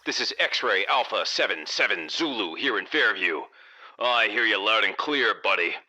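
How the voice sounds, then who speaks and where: A man doing a raspy gruff radio ranter. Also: normal speed, heavily acted, poor audio. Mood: friendly. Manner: low, menacing, rising with excitement. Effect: heard over a radio.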